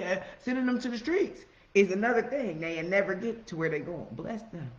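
A woman giving a casual, profane motivational monologue, preaching with loud emphatic outbursts. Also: medium pitch, a little fast, few pauses. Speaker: motivational vlogger. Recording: roomy, slightly muffled recording.

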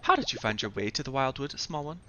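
A man's voice: medium pitch, very animated, quick pace, pushed and bright, slight background noise. A man voicing a proud forest messenger with a put-on accent, reading game dialogue. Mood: stately.

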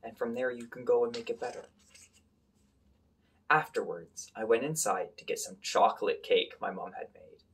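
A man reading a picture book aloud to children as their teacher and leading a calming breathing exercise. He is gentle and encouraging, often dropping to a soft whisper. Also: mid-range voice, normal speed, husky.

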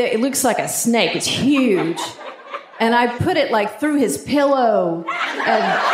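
A woman in her fifties doing a stand-up comedy set in a theatre, telling stories and acting out the voices of her family. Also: mid-range voice. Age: 50s. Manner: animated storytelling with acted-out voices. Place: theatre stage before a live audience. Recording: roomy live theatre sound with audience noise.

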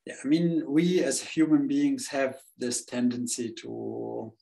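Animated man telling stories. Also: medium pitch, slow pace, gravelly, rough recording. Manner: animated storyteller, lively quoting. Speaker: seminar guest. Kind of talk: casual group discussion.

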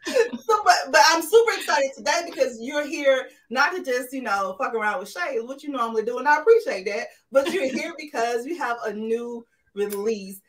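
A woman hosting a casual livestream chat, loud and exuberant, greeting viewers with laughter over a video call. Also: high voice, lively intonation, normal speed, hardly any pauses, distant mic, slight background noise, poor audio. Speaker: host.

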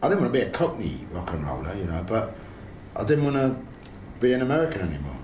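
A musician being interviewed, talking in a cheeky, blunt way and swearing freely. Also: male voice, fairly low pitch, sing-song, quick pace, a little mellow, a little hiss or hum. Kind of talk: reflective interview talk. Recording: music playing underneath.

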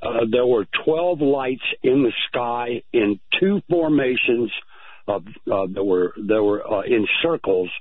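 Male radio caller, halting storyteller, heard over a tinny phone line. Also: mid-range voice, lively intonation, no room sound. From United States. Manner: halting, repeats words. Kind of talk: phone-in account.

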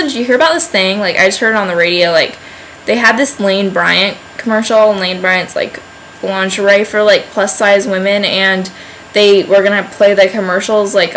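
A woman's voice: mid-range voice, fairly bright tone, a little hiss or hum, low-quality recording. Chatty young woman rambling to camera. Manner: rambling, chatty, heavy use of "like". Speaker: vlogger. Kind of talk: casual vlog chat to camera.

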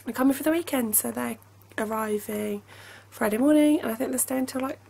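Chatty woman with a gravelly voice. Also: fairly high pitch, fairly quick, mellow. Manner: chatty and apologetic, laughing often. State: has a headache. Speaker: family vlogger. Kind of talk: casual vlog chat. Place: home, indoors.

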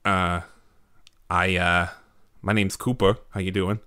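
A man's voice: sits low, little pitch movement, takes it slowly, bright, forceful tone, clean tone, no echo, studio quality, voice pushed down, full character voice. A man doing a laid-back, rambling turtle prisoner. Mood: friendly. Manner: casual, rambling, defensive. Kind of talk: tabletop role-play voicing.

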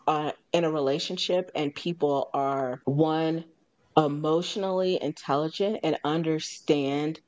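This woman has a lowish voice and hosts a radio talk show in an easy, chatty way. She tells stories with animation and slips into other people's lines as she goes. She repeats her main points for emphasis. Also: darkish tone. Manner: emphatic, repeats key phrases. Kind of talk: casual chat.

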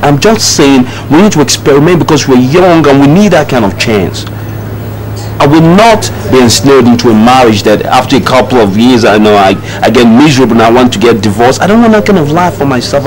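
Actor as an arrogant young man, condescending and lecturing, lively pitch, noisy soundtrack. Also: lightly acted. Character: young man dismissing his fiancée, cold and arrogant. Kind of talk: film drama acting.

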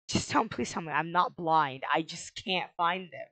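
A woman's voice: lowish voice, animated, moderate pace, gravelly, hardly any pauses, a bit bright, no room sound. A young woman giving casual commentary as she plays a life-simulation game, often exasperated and talking back to it. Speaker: gaming video creator.

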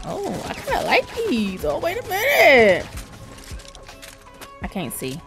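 Excitable woman commenting on gameplay. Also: sits high, slow pace. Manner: excitable, exclaims and talks to the game. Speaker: gaming channel host. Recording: game music playing loudly behind.

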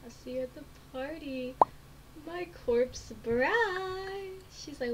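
A woman streamer giving casual let's-play commentary at her home computer, excitable, with gasping and squealing reactions. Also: sits high, takes it slowly, heavy background noise. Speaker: gaming streamer. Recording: keyboard clicks in background. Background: typing on a keyboard.

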